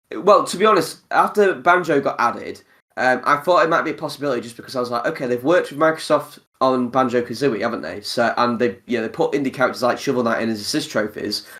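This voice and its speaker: A man's voice: mid-range voice, fairly bright tone. A man hosting a casual podcast chat, talking in a loose, sweary way with lots of fillers and restarts. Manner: chatty, swears a lot, many fillers and restarts. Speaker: podcast host.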